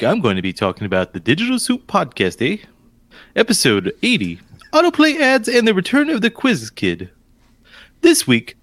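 A man doing a jokey fake-Canadian presenter reading a show plug, tacking on little "eh"s and swinging his pitch up and down. The voice sounds close and dry, with no room around it. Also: fairly bright tone, no room sound, full character voice. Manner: tacks on a questioning "eh".

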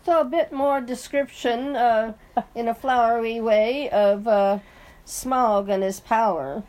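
A woman co-hosting a casual book discussion, thinking aloud with pauses and fillers. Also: fairly high pitch, a little mellow.

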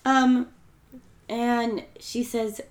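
A young adult woman co-hosting a podcast, briskly retelling a film plot in casual chat. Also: fairly high pitch, flat delivery. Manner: quick plot retelling, laughing asides. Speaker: podcast co-host.

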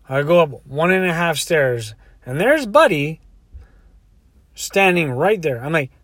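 A man's voice: fairly high pitch, expressive, slow, long pauses, fairly bright tone, no echo, clean studio sound. A man telling a rambling story in a casual way, acting out the quotes.

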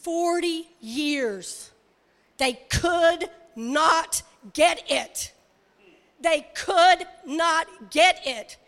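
A woman preacher delivering a sermon, emphatic and repetitive, rising to shouts. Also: very high-pitched, very slow. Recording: reverberant hall.

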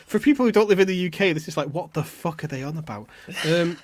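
A man's voice: on the high side, animated, brisk. A man co-hosting a podcast, bantering crudely, swearing and laughing often.

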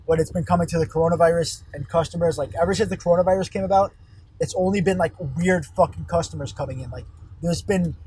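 A young man working in fast food, telling an exasperated, rambling and profane story about a customer while driving on a highway. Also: a little mellow, husky, poor audio. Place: car on a highway. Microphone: phone. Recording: faint road noise in a car. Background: vehicle noise.

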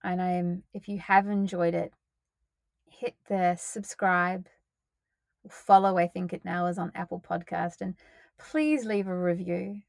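A woman hosting her own podcast, talking solo in a loose, expressive way, swearing freely and sighing between thoughts. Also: fairly low pitch, unhurried, no echo. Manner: expressive, swears freely, breathy sighs and laughs. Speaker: podcast host. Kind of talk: casual solo podcast monologue.

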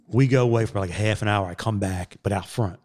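A middle-aged man, hosting a casual podcast chat and telling stories with lively quoted voices and frequent laughs. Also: moderate pace. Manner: animated storyteller, jumps into high put-on quotes, laughs often. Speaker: podcast host.

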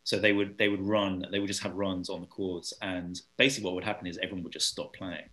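Lively British man telling stories. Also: sits low, fast talker. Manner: animated storyteller, mimics voices in anecdotes. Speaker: guest. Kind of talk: casual chat.

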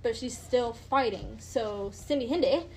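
A woman's voice: a little high, unhurried, darkish tone, a little hiss or hum, poor audio. A woman hosting a podcast, telling a true-crime story in a casual, chatty way, with swearing and lots of "like" and "um". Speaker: podcast host.

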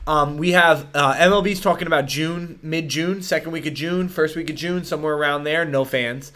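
A young American man hosting a podcast, talking in a loose, animated way with lots of swearing. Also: on the high side, normal speed. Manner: animated, swearing, puts on silly accents. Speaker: podcast host. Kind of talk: casual chat.

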